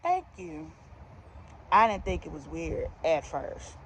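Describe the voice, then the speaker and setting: A young adult woman telling a comedic storytime in a casual, slangy, animated way, laughing along as she goes. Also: deep voice, measured pace, a little hiss or hum.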